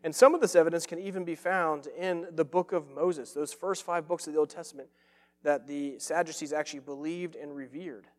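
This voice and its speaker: A man preaches with an earnest, emphatic delivery, leaning on repeated phrases to drive each point home. His voice sits a little high for a man, and it rings out with a long reverb tail, as if he were in a large sanctuary. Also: fairly even intonation, fairly quick, darkish tone. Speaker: pastor. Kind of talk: sermon.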